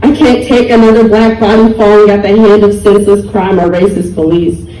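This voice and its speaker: A woman's voice: medium pitch, level tone, fairly quick, dark tone, echoey room, recorded from a distance, poor audio. A young woman giving an earnest, emotional public speech, pleading and heartbroken. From United States. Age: young adult. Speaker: speaker at a community rally.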